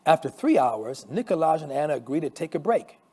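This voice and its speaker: A male pastor reads a story aloud in a fairly high voice. His pitch rises and falls a great deal, and he stumbles and restarts now and then. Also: a little fast. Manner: expressive storytelling with small restarts. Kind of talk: reading a Christmas story aloud.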